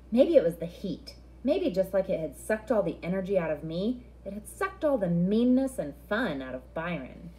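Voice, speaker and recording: Expressive woman reading a novel aloud. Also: on the high side. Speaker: reader of a children's novel.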